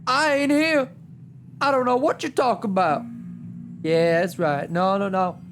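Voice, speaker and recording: A man's voice: a little slow, slight background noise. A man streaming a game live, talking through it with joking trash talk. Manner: animated, joking trash talk at enemies, big pitch swings. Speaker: gaming streamer. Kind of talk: live gameplay commentary.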